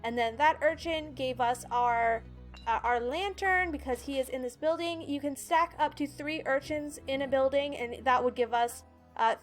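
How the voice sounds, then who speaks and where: Brief: female let's play host, high voice, chatty walkthrough commentary, faint game music behind. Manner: chatty, explains controls and reads tutorial text aloud. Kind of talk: casual gameplay commentary.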